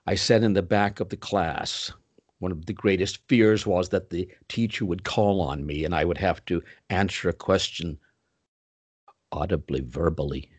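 An older man telling stories as an interview guest, animated, with sudden pitch swoops. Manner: puts on Southern voices for quoted people. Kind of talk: storytelling in a podcast interview.

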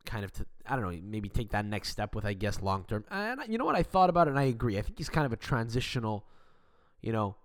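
A man's voice: on the low side, big pitch swings, quick pace. A man hosting a casual solo podcast, rambling and swearing with many stuttering restarts, into a desk mic. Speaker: podcast host. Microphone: desk mic without arm.

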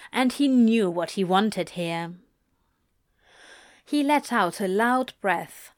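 A woman narrating a story aloud, calm and steady in tone. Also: mid-range voice, no echo, studio quality. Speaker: audiobook reader. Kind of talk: scripted fiction narration.

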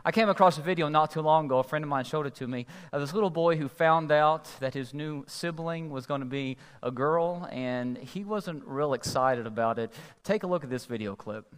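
Man, pastor, sermon, conversational storytelling, slightly high voice, echoey hall. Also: a little fast, hardly any pauses, clear, resonant tone.

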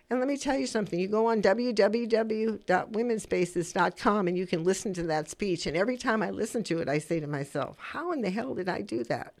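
A woman hosts a talk radio show from the studio and tells her stories with lively feeling. She keeps turning to speak to the listeners directly. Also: mid-range voice. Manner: animated storytelling, addresses listeners directly.

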